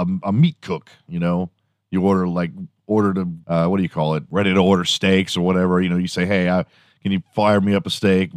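Low-voiced man, rambling comic storyteller. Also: dry recording, clean studio sound. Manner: profane, storytelling, laughs often. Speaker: podcast host. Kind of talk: rambling comedic monologue.

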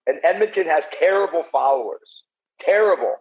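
A man with a gravelly, fry-edged voice chats as a podcast guest, blunt and profane, working himself up as he talks. The audio is muffled and lo-fi. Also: fairly high pitch, animated, normal speed, darkish tone. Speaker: podcast guest, former pro hockey player. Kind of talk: casual podcast chat.

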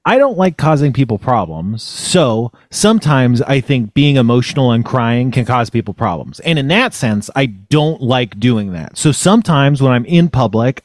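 Male podcast host, dry deadpan delivery, mid-range voice, close dry mic. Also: mid-range voice, no echo. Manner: deadpan, self-mocking and rambling. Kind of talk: casual comedic podcast chat.

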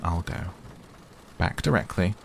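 Pompous storybook owl, read by a man, deep and gravelly, faint rain. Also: animated, a little slow, heavily acted. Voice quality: pompous, long-winded. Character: pompous wordy old male owl. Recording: faint rain noise behind.

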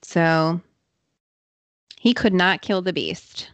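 A woman's voice: fairly low pitch, fairly bright tone, no echo. Chatty woman telling a true crime story. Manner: chatty, quick, uses filler words. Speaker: podcast host.

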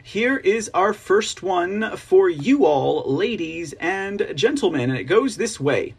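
Husky-voiced chatty male livestream host. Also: sits high, expressive, takes it slowly, few pauses. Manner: chatty, laughs often, reads chat comments aloud. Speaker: host of a political livestream news show. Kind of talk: casual livestream chat and commentary.

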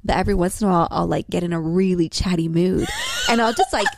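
A woman's voice: lowish voice, quick pace, creaky, background noise. A young adult woman co-hosting a podcast in casual chat, blunt and profane, acting out her own replies with energy. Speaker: podcast co-host.

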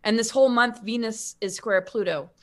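A woman's voice: on the high side, moderate pace. A woman guest in casual spiritual conversation, rambling with many restarts and filler words.

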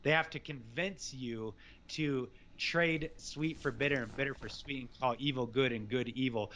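A man in the middle of an impassioned religious rant, voice at an ordinary male pitch. He preaches with fervor, piling scripture onto scripture in a rapid torrent. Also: a bit bright. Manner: fervent, preachy, rapid scripture-laden rants. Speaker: guest.

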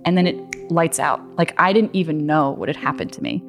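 A woman's voice: deep voice, fairly quick, vocal fry, faint music behind. A young woman casually telling a personal story, chatty and full of fillers, often laughing.

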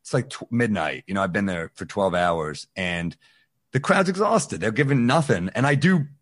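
A man's voice: fairly low pitch, normal speed. A man, a stand-up comedian, casually telling a story on a podcast and acting out the voices of the people in it. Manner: animated, acts out quoted voices.

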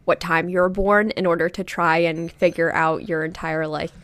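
A woman's voice: fairly low pitch, steady tone, normal speed, fairly bright tone, dry recording. A woman co-hosting a casual chat, telling stories and acting out what others said. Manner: chatty storyteller, imitates people in quotes.

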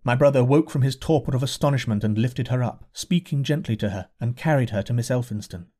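A man reading a novel aloud as an audiobook narrator in a measured, deliberate way. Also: mid-range voice, dark tone. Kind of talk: scripted narration.

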